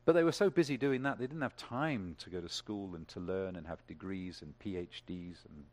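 A man preaching a sermon to a congregation, talking in a lively way, building to emphatic peaks and asking the room questions. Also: low voice, fairly quick.

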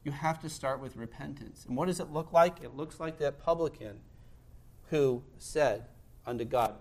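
A male pastor preaching a sermon in earnest, swinging from loud pleading to hushed tones in a church. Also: mid-range voice, moderate pace, slight background noise. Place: church sanctuary.

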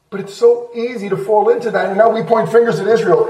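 A man's voice: extremely high pitch, quick pace, darkish tone, reverberant, far from the mic, rough recording. A middle-aged man preaching a sermon as pastor, in a conversational, self-deprecating way with sudden bursts of emphasis.

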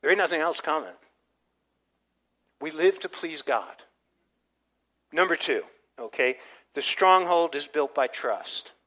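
A man's voice: on the high side, expressive, measured pace, pauses often, sharp tone, rough recording. An older man, a pastor, preaching a conversational sermon with frequent restarts and asides. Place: church.

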